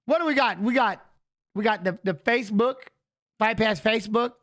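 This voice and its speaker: A man's voice: sits high, moderate pace, a bit bright. A man hosting a live watch-along stream, chatting casually and greeting viewers by name, often adding "you know what I'm saying". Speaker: livestream host.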